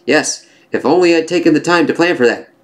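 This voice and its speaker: A man's voice: on the high side, a little fast, pitched above the performer's own voice, natural voice. A man voicing a gloating, scheming male supervillain scientist, raised and hammy.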